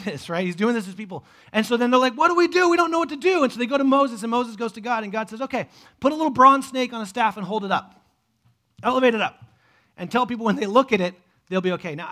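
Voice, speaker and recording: A man preaching a sermon, animated, dropping to a hush and then rising loud as he acts out the people in the story. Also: sits high. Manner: animated, swings from hushed to loud, acts out quoted voices. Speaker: pastor.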